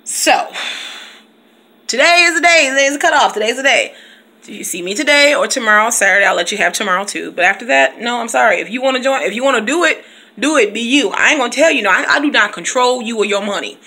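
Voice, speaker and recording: A woman's voice: fairly high pitch, expressive, fast, sharp tone. A woman teacher vlogging in a casual, playful chat, laughing often and breaking into bits of song. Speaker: teacher and video blogger. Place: at home, reading from her computer.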